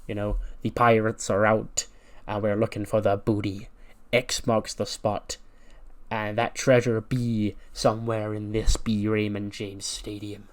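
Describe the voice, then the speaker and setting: A man voicing a swaggering male pirate wrestler in slow growled pirate talk. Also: lowish voice, flat delivery, natural voice. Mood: boastful.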